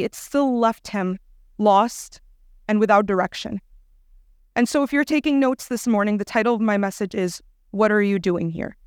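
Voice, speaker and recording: A young woman giving a casual, storytelling youth sermon as a guest speaker, chatty and animated. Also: on the high side, clean tone, dry recording, studio quality.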